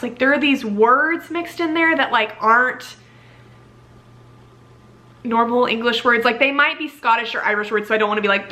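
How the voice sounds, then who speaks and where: Bright, gushing young woman book reviewer. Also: a little high. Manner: gushing, filler-heavy with frequent "like". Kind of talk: casual chat.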